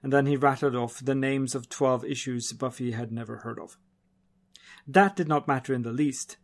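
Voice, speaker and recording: A man narrating a short science fiction story in a steady storytelling voice, dropping his voice on the speech tags. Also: medium pitch, normal speed. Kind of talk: audiobook reading of a short story.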